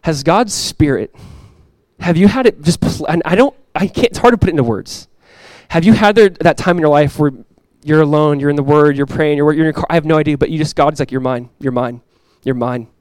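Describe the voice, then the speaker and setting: A young adult man preaching a sermon as pastor, earnest and repeating key phrases, often dropping to a soft, intimate tone. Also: on the high side, fairly quick, dry recording, rough recording.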